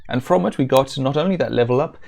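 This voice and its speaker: A man's voice: mid-range voice, quick pace, gravelly, a little mellow. A man streaming a video game, chatting casually and rambling with dry, self-amused jokes. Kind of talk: casual let's-play commentary.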